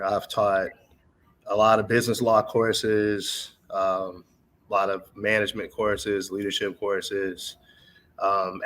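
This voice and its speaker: A man from North Carolina, a podcast guest who introduces himself in a measured way with many pauses and ums. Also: fairly low pitch, fairly bright tone. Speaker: guest, adjunct professor and content developer. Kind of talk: podcast interview.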